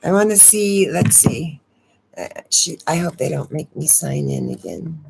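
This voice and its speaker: A woman's voice: low voice, expressive, a little slow, vocal fry, a little mellow, a little hiss or hum. A woman hosting a casual live stream, talking in a rambling, emotional way and repeating words as she goes. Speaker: astrology channel host.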